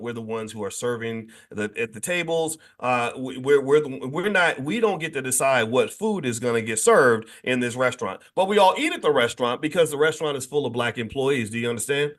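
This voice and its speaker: A man hosting a daily morning talk on finance, speaking casually and emphatically, with frequent restarts and repeated words and his pitch jumping up when he stresses a point. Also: a bit bright. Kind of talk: casual spoken talk to an online audience.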